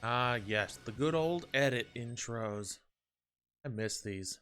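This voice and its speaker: A man's voice: mid-range voice, lively intonation, slow pace, fairly bright tone, clear, resonant tone, faint music behind. A man streaming and chatting casually to his viewers, rambling and cutting himself off as he talks. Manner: rambling, chatty, self-interrupting. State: a bit out of breath.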